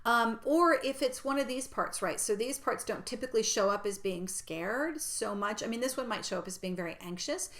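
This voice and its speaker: Woman, personal growth teacher; calm, reassuring teaching talk, at times hushed almost to a whisper. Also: fairly high pitch, normal speed, few pauses. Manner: gentle, reassuring, drops into soft near-whispers.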